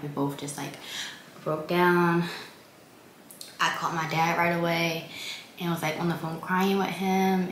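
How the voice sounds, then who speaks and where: A young woman in her twenties tells a personal story in a casual vlog, with a lowish, even voice that stays flat. She speaks softly and haltingly, circling back with restarts. The room around her is echoey, with a faint hiss underneath. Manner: halting and soft, many restarts and fillers. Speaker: vlogger.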